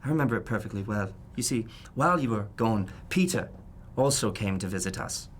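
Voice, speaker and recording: A man's voice: expressive, brisk, slight background noise. A man playing a tabletop role-play character, pleading with a teammate in an emotional, rising voice. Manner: pleading, emotional, rising pitch when upset. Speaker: player.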